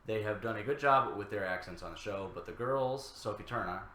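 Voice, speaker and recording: A man co-hosting a reaction show, reading viewer comments aloud with halting fillers. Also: on the low side, sharp tone, reverberant.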